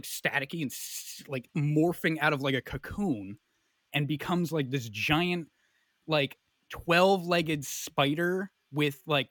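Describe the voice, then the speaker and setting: Young man, comic storyteller; bright, slightly high voice, rambling and animated, dry mic. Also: dry recording. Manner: rambling, animated, many fillers.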